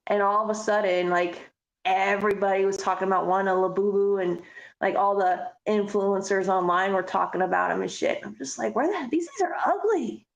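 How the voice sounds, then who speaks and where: A woman's voice: medium pitch, level tone, brisk, vocal fry, lo-fi sound. A woman co-hosting a podcast, telling stories bluntly and swearing freely in casual chat. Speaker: podcast co-host. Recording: roomy echo.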